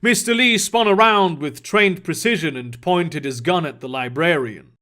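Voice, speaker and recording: A man narrating a fantasy story in a steady, descriptive storytelling manner. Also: fairly high pitch, moderate pace. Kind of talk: audiobook storytelling.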